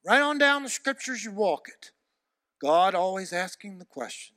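A man preaching a sermon with emphatic repetition, swinging from loud shouts to hushed near-whispers. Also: high voice, animated, moderate pace, dry recording, studio quality.

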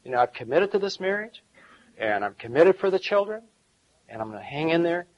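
A man's voice: a little high, big pitch swings, brisk, muffled recording. A middle-aged man preaching a sermon as pastor, in a folksy style with chuckles and asides.

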